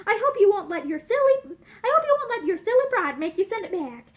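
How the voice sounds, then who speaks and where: A woman reading aloud and voicing a brisk, frank young woman who speaks dryly, promptly and bluntly. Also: very high-pitched, big pitch swings, voice pushed up.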